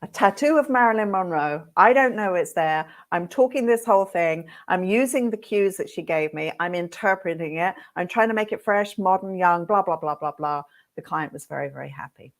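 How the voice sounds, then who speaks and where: Animated woman hosting a hairdressing webinar. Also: on the low side, normal speed. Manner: lively, animated storyteller who acts out her own reactions. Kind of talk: webinar talk with storytelling.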